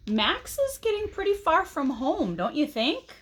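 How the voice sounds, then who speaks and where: With a voice that sits high, a woman reads a picture book to children expressively. She stops now and then to ask her listeners questions.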